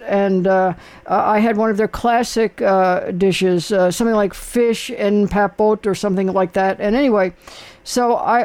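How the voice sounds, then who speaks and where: A man's voice: high voice, a little mellow, clear, resonant tone. An older man hosting a casual talk show, rambling and chatty with lots of fillers. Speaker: radio host. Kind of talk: casual chat.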